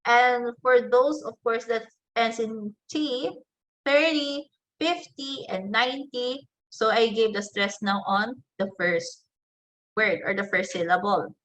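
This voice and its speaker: A woman's voice: on the high side, fairly even intonation, a bit bright, low-quality recording. A woman teacher giving a lesson, carefully saying example words aloud one by one. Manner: careful, deliberate, models each example word aloud. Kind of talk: slow classroom lecture on word stress.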